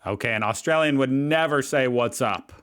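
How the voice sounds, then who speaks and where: A man's voice: medium pitch, normal speed, fairly bright tone, clear, resonant tone. A man from Indiana, casually reacting to a video and thinking aloud with hesitant restarts. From Indiana, USA.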